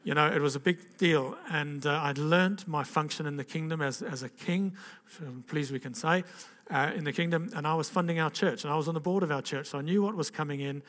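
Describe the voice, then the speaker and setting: An older man tells his testimony in a lively, storytelling way. His voice sits a little high for a man, and he slips into quick voiced quotes of the people in his story. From Africa. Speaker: speaker giving testimony.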